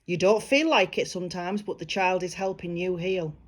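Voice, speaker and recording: A woman working as a psychic medium, giving a private reading in a gentle, reassuring way and relaying spirit messages. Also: fairly low pitch, moderate pace.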